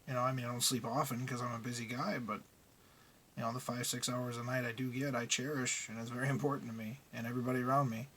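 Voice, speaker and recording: A man's voice: mid-range voice, little pitch movement, quick pace, fairly bright tone, slight background noise. A middle-aged man who drives trucks, talking casually and bluntly in a vlog and grumbling about his frustrations.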